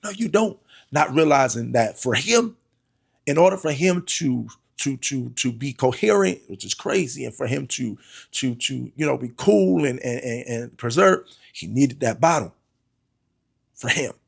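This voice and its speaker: A man's voice: mid-range voice, lively intonation, unhurried, creaky, husky. A middle-aged man, a pastor, earnestly telling a personal testimony, often repeating words and calling listeners "y'all".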